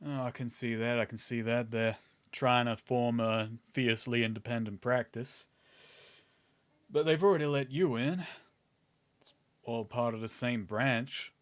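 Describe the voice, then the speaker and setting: A man is playing his character at a tabletop game. He makes an earnest, persuasive case at an ordinary middle pitch. The recording is dry and close. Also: level tone, moderate pace, fairly bright tone, clear, resonant tone, no room sound. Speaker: player.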